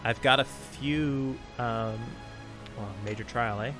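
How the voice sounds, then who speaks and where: Brief: chatty man live-streaming a game, mid pitch, self-deprecating asides. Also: takes it slowly. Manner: rambling, self-deprecating, many restarts. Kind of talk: casual live-stream chat while reading game dialogue. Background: game music.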